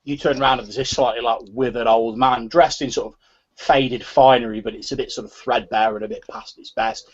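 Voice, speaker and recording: A man narrating as game master of a tabletop game, soft-spoken and relaxed, with frequent fillers. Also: medium pitch, a little fast, slightly rough. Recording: slightly muffled recording.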